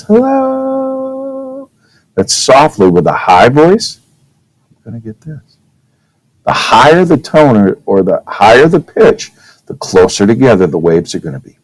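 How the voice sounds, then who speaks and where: A male teacher gives a casual physics lecture at a classroom whiteboard, often checking in with "okay?" and demonstrating with his own voice. His voice is on the low side. The audio is poor, with no echo.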